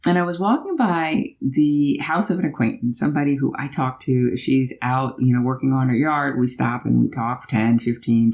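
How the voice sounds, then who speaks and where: Chatty woman telling a road-trip story. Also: low-pitched. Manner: chatty, animated storytelling with tag questions. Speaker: vlogger. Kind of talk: storytelling while driving.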